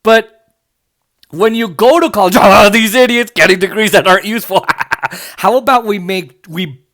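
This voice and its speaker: A man hosting a political podcast, reacting to news clips in an angry, profane, mocking rant that breaks into laughter. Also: high voice. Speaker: podcast host.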